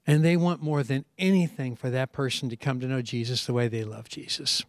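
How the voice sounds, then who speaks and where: A middle-aged man, a preacher speaking on a conference panel, telling stories in a lively way and acting out what other people say. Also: medium pitch, fairly quick, no room sound. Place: conference seminar session.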